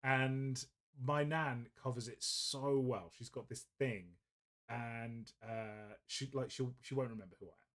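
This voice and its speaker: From an indoor painting desk, a man hosting a painting stream tells rambling stories in casual chat, laughing frequently. His medium-pitched voice has a fairly bright tone, and he speaks a little slowly.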